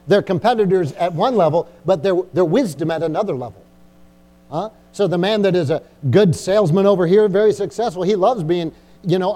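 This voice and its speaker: A middle-aged man with a high voice preaches to his church congregation. His tone is mellow and dark rather than bright. He exhorts, repeats key lines and keeps checking in with calls for agreement. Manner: repetitive, exhorting, frequent "Amen?" and "Come on". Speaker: pastor. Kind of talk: sermon.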